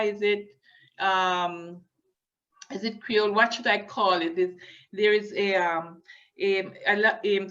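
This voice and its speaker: A woman giving a lecture, hesitant and filling pauses, often checking in with her listeners. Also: fairly low pitch, a bit bright. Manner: hesitant, many fillers, checks in with "okay?". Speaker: linguistics lecturer. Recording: dull lo-fi recording.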